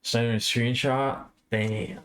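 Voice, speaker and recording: A man's voice: medium pitch, fairly even intonation, slow pace, a bit bright, clean tone. A man livestreaming, rambling casually and poking fun at himself while chatting with his viewers.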